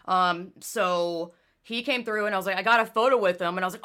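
A young woman chatting casually on a podcast, telling animated stories that burst into loud, profane rants. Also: medium pitch, fairly quick. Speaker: former amateur cyclist.

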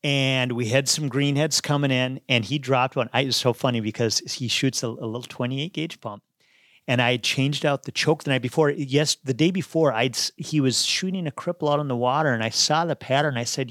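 A man of middle pitch chats casually as a podcast guest. His voice is dry and close-miked. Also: brisk, fairly bright tone, dry recording.

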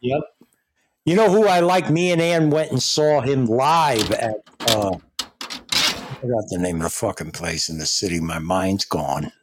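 A man's voice: mid-range voice, a little slow, a little hiss or hum. A man hosting a casual chat, telling rambling, profane stories. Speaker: host.

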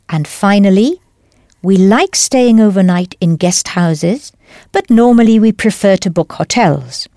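A woman's voice: mid-range voice, lively intonation, a little slow, mellow, no room sound. Patient woman teaching in a dry studio. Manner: clear, patient, encouraging. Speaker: language teacher. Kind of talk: scripted language lesson narration.

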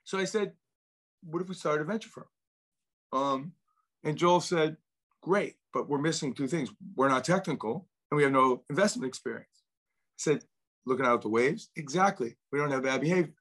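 A venture investor in middle age speaks at normal speed in a fairly high, fairly bright voice while sharing a long personal story as an interview guest. His telling rambles, with repeated words and frequent restarts.

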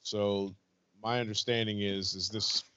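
A man co-hosting a podcast, talking things through calmly in casual chat. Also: lowish voice, a little slow, highs cut off, a little hiss or hum. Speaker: podcast co-host.

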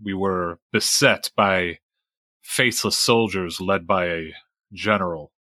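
A man's voice: low-pitched, fairly even intonation, slow, pushed and bright, no room sound, clean studio sound. Man role-playing with formal phrasing. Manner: formal, old-fashioned phrasing. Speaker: player. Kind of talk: in-character role-play.

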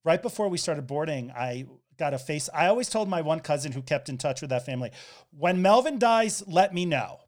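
A man's voice: fairly high pitch, lively intonation, fairly quick, darkish tone. A man hosting a podcast, telling personal stories in a candid, wry way and acting out the people he quotes. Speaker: podcast host. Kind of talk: casual podcast conversation.

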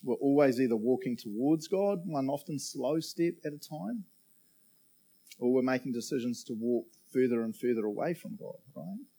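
A man's voice: mid-range voice, expressive, moderate pace, vocal fry, mellow. A man preaching a casual sermon, joking around and checking in with the crowd after almost every point. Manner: chatty and jokey, keeps checking in with the crowd.

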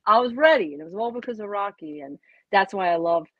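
Husky woman with a New York accent. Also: medium pitch, animated, fast talker, no room sound, narrow, tinny audio. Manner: warm, earnest, laughs easily. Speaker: podcast guest. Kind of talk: casual interview chat.

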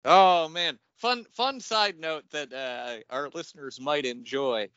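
Male podcast co-host, animated storyteller, bright voice, dry and lo-fi sound. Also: fairly high pitch, slow pace, clear, resonant tone, no echo. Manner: animated, laughs often. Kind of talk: casual chat, storytelling. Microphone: remote call mic.

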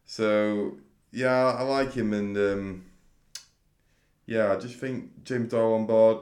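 Low-voiced man talking racing tips. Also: steady tone, slow pace, darkish tone. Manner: thoughtful, hesitant, repeats words. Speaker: racing tipster. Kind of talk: casual chat. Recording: echoey room.

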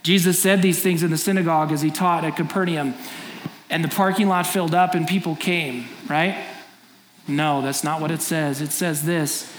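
High-voiced middle-aged preacher. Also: male voice, fairly even intonation, normal speed, slight background noise. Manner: storytelling, conversational, acting out scenes. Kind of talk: sermon. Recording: echoey room, faint ambience.

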